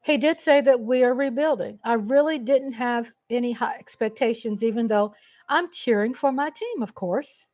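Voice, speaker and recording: A woman's voice: a little high, moderate pace, a little mellow. Chatty woman hosting a home livestream. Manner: chatty and rambling, reads viewer comments aloud; emotional, laughs often. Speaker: livestream host. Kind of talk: casual live commentary. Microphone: USB desk mic.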